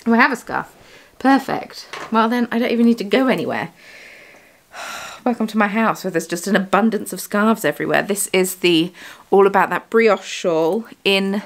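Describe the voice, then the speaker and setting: Her pitch medium and her pace moderate, a British woman chats in her crafting vlog from a home studio, working as a yarn dyer and vlogger. She keeps rambling and correcting herself, hiccupping along the way.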